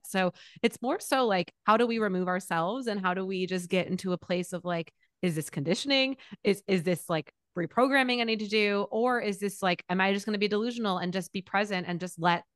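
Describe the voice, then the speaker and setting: Animated woman rambling in casual chat. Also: on the low side, no echo, clean studio sound. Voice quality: animated, rambling, says "like" often. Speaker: podcast guest.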